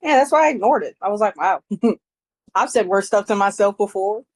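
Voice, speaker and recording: A woman's voice: medium pitch, animated, moderate pace, close to an everyday voice, rough recording. A woman playing a brash, crude young man adventurer in a tabletop game, joking and carefree. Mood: cocky.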